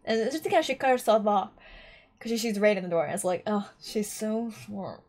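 A woman's voice: mid-range voice, expressive, quick pace, darkish tone. A woman giving casual reaction commentary on an anime, talking in a rambling, chatty way with lots of restarts.

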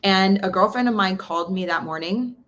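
A woman's voice: mid-range voice, fairly quick. A woman podcast host from Canada, candidly telling a personal story in a casual interview. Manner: candid, storytelling, animated retelling of dialogue.

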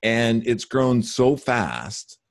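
A man's voice: medium pitch, big pitch swings, very slow, dry recording, clean studio sound. A man co-hosting a radio show, talking off the cuff and rambling, often restarting sentences. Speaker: radio co-host.

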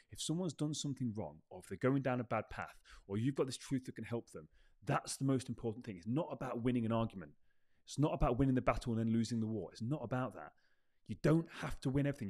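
A man's voice: medium pitch, darkish tone. A man hosting a self-help podcast, speaking emphatically and repeating his key phrases for effect. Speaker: podcast host. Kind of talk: motivational self-help talk.

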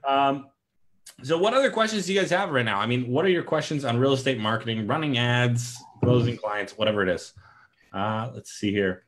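A man's voice: medium pitch, a little fast, fairly bright tone. A man hosting a casual live Q&A, easygoing as he reads out viewer questions and explains. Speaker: host. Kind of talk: casual livestream Q&A.

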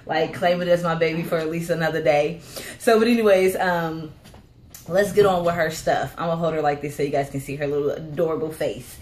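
Low-voiced woman chatting casually on a vlog. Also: a little hiss or hum. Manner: rambling and warm, frequent "um" and "but anyways"; affectionate, gushing over small details. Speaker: reborn doll artist showing a packed order.

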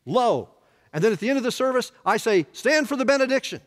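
A man's voice: very high voice, fairly quick, long reverb tail. A man teaching a church Bible study, asking the room questions as he goes. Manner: animated, asks the room questions. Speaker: pastor.

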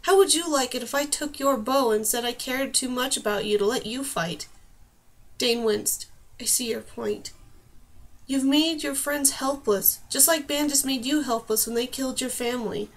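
This audiobook reader's voice sits high and moves at a normal speed. She narrates a novel chapter from a script, raising her voice for the characters' emotional moments.

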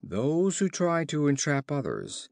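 Man reading fables aloud, slow and clear, lively pitch, dry close sound. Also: no room sound. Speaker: storyteller. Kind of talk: scripted fable narration for learners.

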